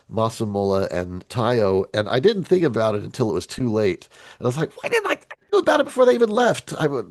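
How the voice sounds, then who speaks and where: A man with a fairly low voice leads a team meeting over a video call. He rambles in a casual, joking way, stumbling and restarting often. The sound is close and dry. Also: a little mellow, no echo. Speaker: team leader.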